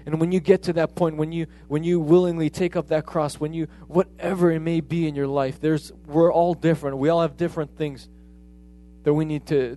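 Higher-voiced man preaching casually. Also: dark tone. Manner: conversational, retells exchanges in quoted dialogue. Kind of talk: sermon.

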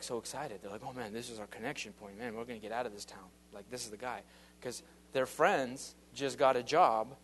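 Earnest man rambling through a testimony. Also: medium pitch. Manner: earnest, rambling, with many fillers and restarts. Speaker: youth minister giving a testimony. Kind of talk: casual spoken testimony.

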